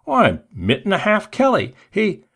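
A man's voice: sits high, huge pitch swings, a little slow, creaky, fairly bright tone, slightly rough, pitched above the performer's own voice, exaggerated voice. A man doing a cringing, gabby joint keeper. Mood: hesitant. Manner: hesitant, wheedling, gabbing. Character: haggard, cringing male opium-joint keeper.

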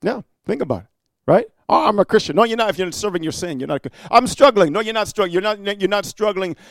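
A man's voice: high-pitched, expressive, fast, vocal fry, dry recording, clean studio sound. A man preaching a sermon, emphatic and rhetorical, prodding listeners with repeated "amen?" and "huh?".

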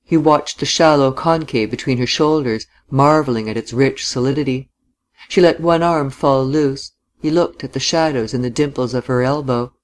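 Man, audiobook narrator, measured literary reading, middle pitch, even delivery. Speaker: audiobook reader. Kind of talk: scripted narration.

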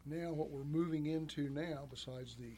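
A man's voice: fairly high pitch, fairly even intonation, normal speed, noisy background. A man presenting wines on a radio chat show, reading out prices, vintages and blends. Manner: reads out wine details. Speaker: wine presenter. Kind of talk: casual chat.

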